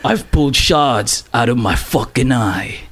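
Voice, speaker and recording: A man's voice: mid-range voice, lively intonation, a little slow, a crowd in the background. A man doing a tough Cockney spy. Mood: boastful. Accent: Cockney, as put on. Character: hard-boiled tough male spy, boastful.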